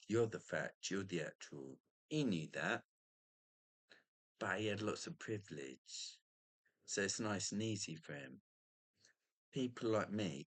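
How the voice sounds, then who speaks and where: A man with a lowish voice talks slowly and unhurriedly in a meandering monologue to camera. He swears casually and drifts from one thought to the next. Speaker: vlogger. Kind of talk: rambling monologue.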